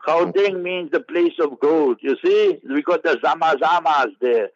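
A South African man with a slightly high voice answers listeners' questions on radio. He talks in a lively, preachy way full of wordplay. The sound is dry and dull, like lo-fi radio. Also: a little slow, no room sound. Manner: animated, preachy, playful with wordplay.

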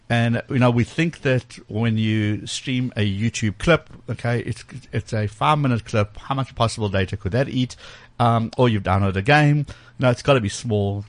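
A man's voice: medium pitch, no room sound. A man hosting a tech radio talk show in a studio, talking casually with plenty of fillers and restarts. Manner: chatty, loose, frequent fillers and restarts. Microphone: studio microphone.

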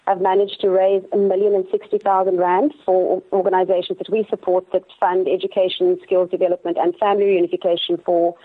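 A woman's voice: on the low side, flat delivery, a little fast, few pauses, husky, phone-quality sound. A woman, a charity guest explaining her work plainly in a radio interview, with a few hesitations.

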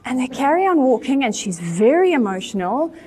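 A woman pastor, telling a story in an animated way during a sermon. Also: sits high, fairly quick, a little hiss or hum. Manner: animated storyteller, acts out voices with laughter. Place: church.

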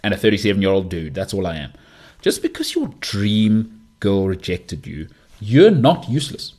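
A man's voice: fairly low pitch, normal speed, husky. A man in his thirties hosting a sports podcast, giving blunt opinions in an emphatic, casual monologue. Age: 30s. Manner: opinionated, emphatic, lively delivery.

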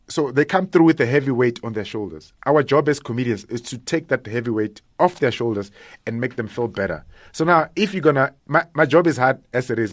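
Animated comedian, dry studio. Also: male voice, medium pitch, no echo. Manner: animated, laughs often, acts out jokes. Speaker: stand-up comedian guest. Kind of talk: casual radio interview. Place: radio studio.

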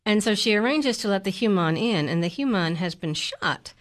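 A woman hosting a casual podcast chat about a film, tossing in jokes and quick asides. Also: mid-range voice, expressive. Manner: joking, quick asides, pop-culture references.

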